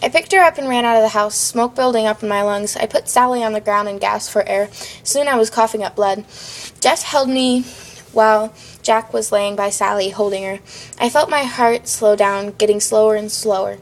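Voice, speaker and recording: A woman's voice: mid-range voice, normal speed. A woman reading a fan-written story aloud, hurrying through it with small stumbles. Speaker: fan fiction reader.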